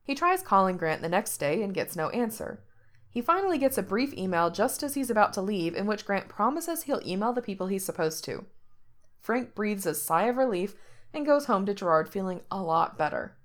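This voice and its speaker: A woman reading fiction aloud as narrator, with steady storytelling and lively rises in pitch.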